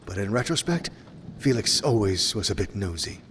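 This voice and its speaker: An actor voicing a reflective male narrator in a video game, speaking in a calm, measured way. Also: lowish voice, big-room sound, a little hiss or hum. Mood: wry.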